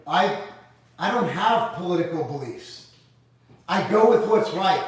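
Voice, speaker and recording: A man's voice: high-pitched, lively intonation, measured pace, distant mic. Blunt, profane man in an echoey room. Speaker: livestream host reading viewer comments. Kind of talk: casual live Q&A.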